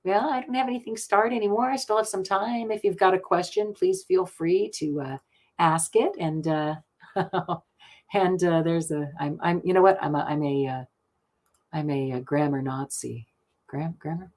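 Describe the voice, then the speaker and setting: Middle-aged woman card reader, slightly low voice, warm gushing live-stream chat, laughs easily. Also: normal speed. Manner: gushing and chatty, laughs often. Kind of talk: casual live card reading.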